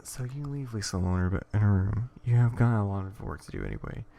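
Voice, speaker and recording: A man reading an interactive horror story aloud in a hushed, would-be ASMR tone, stumbling over words and stopping to joke. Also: lowish voice, expressive, fast talker, creaky, slight background noise. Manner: rambling, stumbles and self-corrects, jokes between lines. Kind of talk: casual reading with asides.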